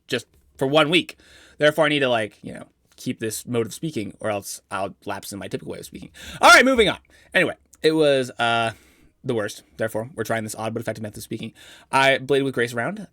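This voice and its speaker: Young male vlogger, brisk and bright, exaggerated careful diction, self-mocking update. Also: mid-range voice, no room sound, clean studio sound. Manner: deliberately slow, exaggerated narrator-like enunciation. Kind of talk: personal update vlog.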